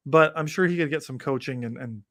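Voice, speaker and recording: A man chats eagerly on a podcast, tumbling through his thoughts in quick bursts and restarting sentences along the way. His voice sits at an everyday middle pitch. The recording is dry and close. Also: fairly bright tone, no echo. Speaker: podcast co-host. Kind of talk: casual podcast chat.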